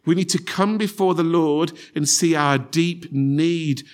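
A man's voice: fairly high pitch, a little slow. A man preaching a sermon in an earnest tone, repeating phrases for emphasis and acting out quoted prayers.

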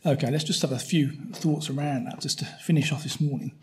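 Chatty preacher, fairly high voice. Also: male voice, fairly even intonation, fairly quick, slight background noise. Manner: conversational, frequent tag questions. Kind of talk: sermon.

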